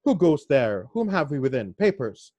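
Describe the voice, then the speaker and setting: Guy reading a curt checkpoint officer checking papers, mid-pitched voice, dry sound. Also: sing-song, moderate pace, dark tone, no echo. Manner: curt, questioning.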